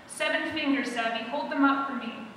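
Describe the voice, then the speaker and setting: A woman's voice: high voice, normal speed, fairly bright tone, a little hiss or hum. A woman reading aloud, voicing a male race official in a boat who urgently coaxes a swimmer along. The sound is echoey and comes from far off in a hall. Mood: urging. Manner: coaxing, insistent.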